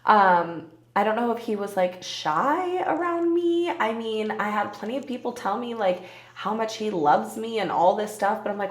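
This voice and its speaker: A woman's voice: mid-range voice, big pitch swings, moderate pace, roomy sound. A young woman in her twenties hosting a casual solo podcast, candid and swearing freely, often breaking into laughter. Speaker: podcast host.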